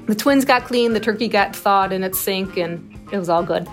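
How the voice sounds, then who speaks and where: A woman who works a turkey advice hotline, telling a caller story in an amused, lively way. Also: mid-range voice, moderate pace, over music. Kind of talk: anecdote in an interview.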